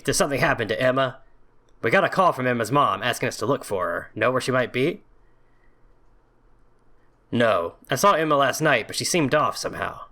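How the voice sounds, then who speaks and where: A young man hosts a casual let's play, his medium-pitched voice pushed and bright. He reads the game's text aloud, cracking sarcastic jokes and swearing often.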